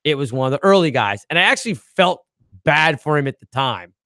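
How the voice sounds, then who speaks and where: A man's voice: a little high, a little fast, dry recording, studio quality. A man hosting a podcast in casual chat, telling stories and acting out the people in them. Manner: animated storyteller, acts out voices in quotes. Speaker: podcast host.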